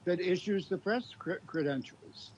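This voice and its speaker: A husky man on talk radio, measured and asking questions. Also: high-pitched, a little mellow, dull audio.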